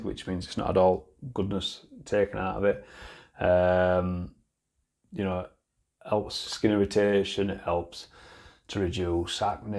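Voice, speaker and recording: Low-voiced Yorkshire man chatting bluntly. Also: gravelly, a little mellow. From Yorkshire, England. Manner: blunt and chatty, swears freely, trails into restarts. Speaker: beard product reviewer. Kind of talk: casual product review chat.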